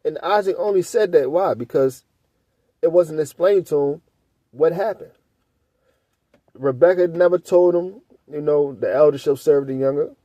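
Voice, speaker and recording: A man's voice: on the high side, moderate pace, warm tone, no echo. A man leading a casual scripture study, reading verses aloud and breaking into loose, blunt commentary that he often ends with a questioning "right?". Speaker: Bible teacher.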